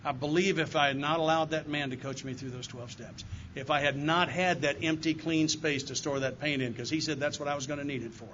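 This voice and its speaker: An older AA circuit speaker gives a sincere recovery testimony to a meeting audience, his voice a little high, steady, and fairly bright. He talks a little fast with hardly any pauses. Recorded live in a meeting room, the audio is dull and lo-fi with slight background noise.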